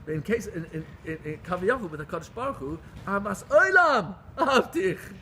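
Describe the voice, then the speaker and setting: A man's voice: a little high, lively intonation, fast talker, a bit bright, a little hiss or hum. A man teaching a Torah class in English, speaking with pleading intensity, restarting phrases often and mixing in Hebrew terms. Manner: impassioned, pleading, with frequent restarts.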